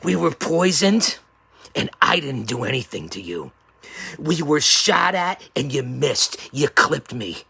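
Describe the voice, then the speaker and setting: A man cuts a theatrical wrestling-style promo as host, his voice gravelly and husky. He bounces between bellowing hype and low, menacing near-whispers. His pitch leaps all over the place. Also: big pitch swings, a little slow, no echo. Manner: theatrical, swinging from yelling to hushed threats. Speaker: show host.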